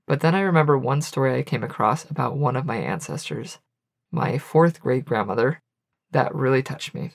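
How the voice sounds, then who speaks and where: Woman podcast host, earnest confessional reflection, reading passages aloud, gravelly fry. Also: rumbling low, expressive, moderate pace.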